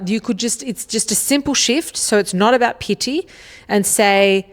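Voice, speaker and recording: A woman's voice: fairly high pitch, moderate pace. A woman hosting a solo self-help podcast, casual and blunt, swearing freely and often checking in with "okay?". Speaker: podcast host.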